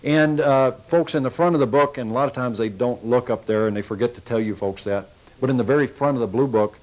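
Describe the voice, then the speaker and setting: A man's voice: medium pitch, fairly quick, a little mellow, poor audio. A man giving a sales training talk to car salespeople, folksy and coaching, acting out little customer exchanges as he goes.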